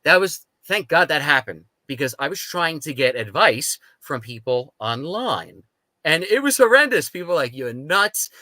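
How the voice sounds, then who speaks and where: Guesting on a talk show, a man from the United States recounts his story loosely and with energy, performing the voices of those he quotes. He speaks at a regular pace in a slightly high voice, on a rough, echo-free recording.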